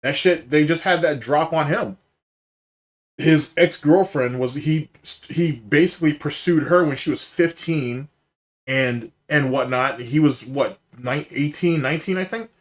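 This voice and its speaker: A man's voice: a little high, measured pace. A man hosting a live podcast in casual chat, loose and profane, reacting to viewer messages. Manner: profane, loose and chatty, bursts into laughter. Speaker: podcast host.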